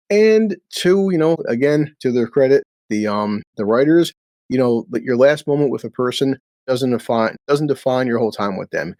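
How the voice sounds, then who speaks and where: A man's voice: medium pitch, lively intonation, normal speed, darkish tone, no echo. Blunt, profane man recapping a show. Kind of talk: casual TV episode recap.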